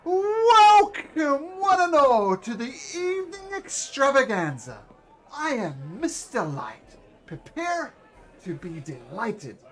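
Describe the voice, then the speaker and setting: A man's voice: very high-pitched, big pitch swings, takes it slowly, pitched above the performer's own voice, exaggerated voice. A man voicing a flamboyant circus ringmaster who announces in a grand showman manner. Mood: announcing. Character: flamboyant male circus ringmaster, showy and booming.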